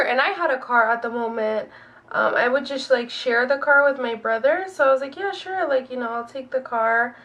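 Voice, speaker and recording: A young woman with a fairly high voice tells a personal story in relaxed, rambling fashion. She fills her speech with "like" and acts out quoted lines from both sides. A slight sniffle from a runny nose runs through her talk. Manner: chatty, lots of "like" and quoted dialogue. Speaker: vlogger telling a dating story. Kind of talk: casual storytime.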